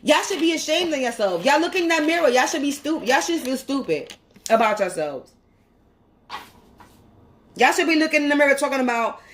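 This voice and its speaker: A woman's voice: high-pitched, lively intonation, moderate pace, a bit bright. A woman vlogger, ranting angrily and profanely, repeating her points. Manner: heated, profane, repeats herself. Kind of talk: angry rant to camera.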